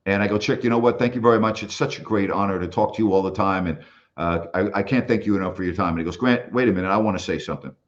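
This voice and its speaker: A man's voice: low voice, rapid-fire, highs cut off. An older man, a former basketball broadcaster, telling stories in a casual interview and acting out the people he quotes. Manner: animated storyteller who acts out quoted voices.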